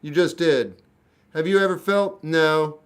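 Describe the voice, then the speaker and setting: A man in his fifties reading live chat questions aloud and answering them with blunt, deadpan one-word replies. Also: a little high, measured pace, clear, resonant tone. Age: 50s. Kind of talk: casual live-stream chat.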